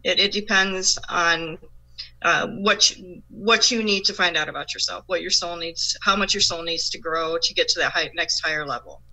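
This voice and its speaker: A woman's voice: fairly low pitch, normal speed, bright, forceful tone, low-quality recording. A woman, a psychic medium guest on a talk show, explaining in a chatty way with frequent restarts. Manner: chatty, laughs often, many restarts. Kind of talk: casual chat.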